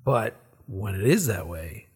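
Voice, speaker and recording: A man from Boston talks as a podcast guest, with a husky, slightly rough voice. His talk is loose and rambling, and he drops profanity into nearly every sentence. He sounds like he's chatting with friends. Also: on the low side, big pitch swings, a little slow. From Boston, USA. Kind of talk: casual chat.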